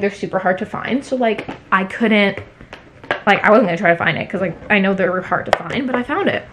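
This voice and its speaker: A woman chatting casually at home in a haul vlog, talking fast with many fillers. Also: medium pitch, a little hiss or hum. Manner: chatty, fillers every few words. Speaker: book vlogger.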